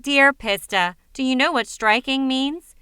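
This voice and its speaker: A woman's voice: high voice, a little slow, bright, forceful tone, smooth, no echo, studio quality. A woman voicing a level-headed friend who answers in a wry, matter-of-fact way.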